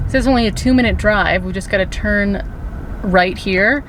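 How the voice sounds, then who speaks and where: A woman's voice: mid-range voice, measured pace, noisy background. A woman talking earnestly in a casual vlog from her car, with many restarts and asides. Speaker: vlogger. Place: in a car in the mountains.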